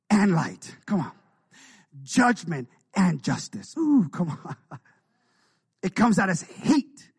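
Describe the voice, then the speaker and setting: Husky preacher man, fervent and rising. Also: high voice. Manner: call-and-response preaching, shouting "come on". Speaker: pastor. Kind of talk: sermon.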